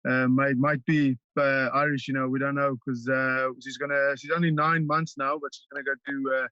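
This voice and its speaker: A South African man, a native Afrikaans speaker, chatting casually as a rugby player guest, halting with many ums and restarts. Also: medium pitch, little pitch movement, sharp tone, no echo. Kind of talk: casual interview chat. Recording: dull, dry lo-fi line.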